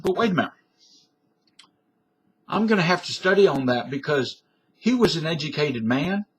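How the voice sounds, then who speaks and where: A man's voice: on the high side, sharp tone, slightly rough. A man in his fifties or sixties talking into a webcam at home in a folksy, digressive monologue that wanders and often corrects itself. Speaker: vlogger. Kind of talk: rambling casual monologue.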